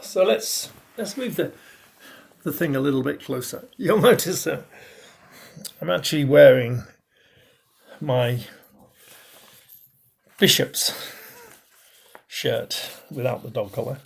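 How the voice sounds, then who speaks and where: A middle-aged man teaches with deliberate, unhurried pacing, leaning hard on key words before dropping his voice. His tone is husky, with a gravelly fry under it. He speaks as a bishop giving a lesson on communication. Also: medium pitch. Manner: emphatic, stresses key words with pauses and swings in loudness. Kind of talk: recorded teaching talk.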